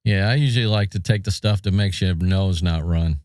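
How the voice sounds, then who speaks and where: Male co-host, very low voice, dry close sound, short easy replies in casual chat. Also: a little fast, darkish tone, dry recording. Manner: brief agreeing replies, light laughs. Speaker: podcast co-host.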